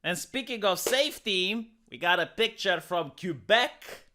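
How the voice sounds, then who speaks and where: A man's voice: high voice, expressive, a little slow, pushed and bright, slight background noise. A man from Romania with a Romanian accent, ranting through sarcastic political commentary in a mocking, exasperated way. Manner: mocking, exasperated rants with put-on voices. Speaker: commentary streamer.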